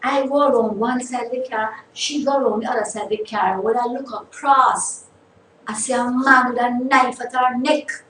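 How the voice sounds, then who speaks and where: A woman who hosts a faith talk show, preaching with slow emphasis and rising repeated lines. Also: on the high side, steady tone, fairly bright tone, reverberant, distant mic, slight background noise, low-quality recording.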